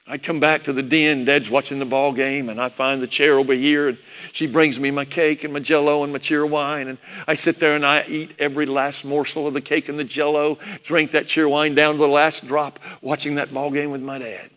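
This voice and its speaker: A man's voice: fairly high pitch, steady tone, fairly quick, a bit bright. A preacher telling a sermon story, reminiscing about his parents. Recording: long hall reverb.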